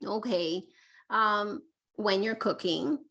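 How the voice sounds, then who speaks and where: A woman, a parenting educator, teaching parents in a lively way, acting out little quotes and checking in with "right?". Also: medium pitch, slow. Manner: animated, acts out quotes, keeps asking "right?".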